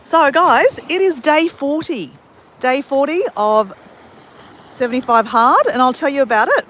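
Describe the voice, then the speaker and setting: A woman's voice: high voice, animated, unhurried, fairly bright tone, a little hiss or hum. Chatty Australian woman live on the beach. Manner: chatty, upbeat, greets viewers by name. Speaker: live-streaming vlogger. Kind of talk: casual live-stream chat. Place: outdoors at a beach at sunrise.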